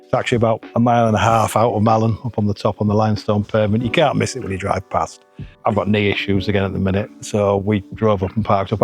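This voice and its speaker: A middle-aged man, chatting casually and joking at his own expense while vlogging outdoors on a hillside. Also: on the low side. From England. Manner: chatty, self-deprecating, jokey. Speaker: photography vlogger.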